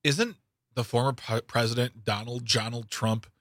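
A man's voice: mid-range voice, steady tone, moderate pace, a bit bright, dry recording, clean studio sound. A man co-hosting a talk radio show, speaking in a sarcastic, opinionated way and often stumbling over and restarting his words. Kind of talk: casual opinionated radio chat. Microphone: studio microphone.

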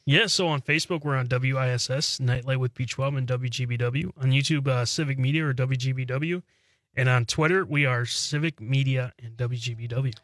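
A man co-hosting a radio show, giving relaxed, brief replies in casual chat. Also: medium pitch, fairly quick, dry recording. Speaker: radio co-host.

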